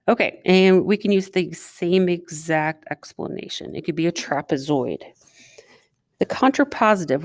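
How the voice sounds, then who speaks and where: A woman teacher walks students through a recorded math lesson, chatting and quizzing them as she writes. Her voice is lowish, creaky and darkish, captured in studio quality with no echo.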